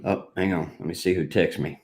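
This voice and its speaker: Guy running a live stream, low voice, rambly and jokey, calls out viewers. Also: steady tone, brisk, darkish tone. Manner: joking, rambling, reads viewer comments aloud. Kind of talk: casual live stream chat.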